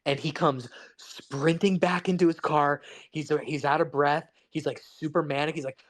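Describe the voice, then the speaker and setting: A man's voice: a little high, steady tone, normal speed, hardly any pauses. A man co-hosting a podcast, talking through a film in a loose, rambling, analytical way with lots of restarts. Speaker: podcast co-host. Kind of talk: casual film discussion.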